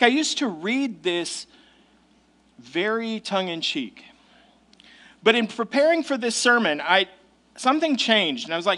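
A man's voice: sits high, very animated, measured pace, pauses often, fairly bright tone. A male pastor giving a sermon in a conversational, emphatic way with casual asides.

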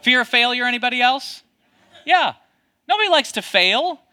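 Bright-voiced preaching man. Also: very high-pitched, normal speed, clear, resonant tone. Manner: lively preaching with rhetorical questions to the congregation. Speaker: pastor. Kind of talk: sermon.

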